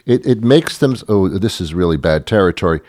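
A man's voice: sits low, expressive, brisk, darkish tone, dry recording. A man hosting a casual chat, asking questions and joking wryly. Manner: wry, joking interviewer.

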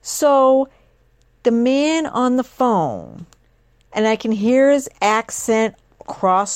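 A woman hosting a casual talk show, rambling and sarcastic with quick asides. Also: on the high side, expressive, clear, resonant tone, no echo, studio quality. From northeastern United States. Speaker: host. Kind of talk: casual chat.

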